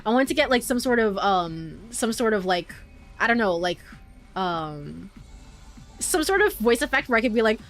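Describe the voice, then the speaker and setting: A woman's voice: on the high side, sing-song, moderate pace, faint music behind. A young woman streamer giving playful, giggly game commentary and swearing casually. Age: young adult.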